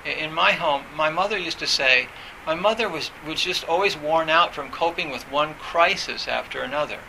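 A man with a gravelly edge and a strikingly sharp, forceful tone, sitting a little high in pitch. He talks about meditation in a halting, reflective way, full of pauses, fillers and self-corrections. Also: a little hiss or hum, poor audio. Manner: hesitant, halting, many fillers and restarts.

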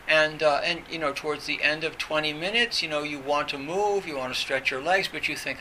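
In an informal Zen dharma talk, a man speaks in a very bright, cutting voice with a slightly high pitch, moving fairly quickly with hardly any pauses. His story meanders as he restarts phrases and fills gaps with "you know." The audio is poor, with faint noise humming underneath.

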